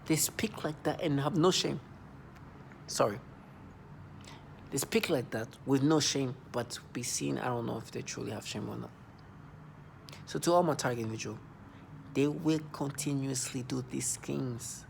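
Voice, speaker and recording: Guy in his 30s ranting to camera, angry and repetitive, gravelly voice. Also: medium pitch, moderate pace, long pauses, slight background noise. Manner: agitated, repetitive, accusing. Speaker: vlogger.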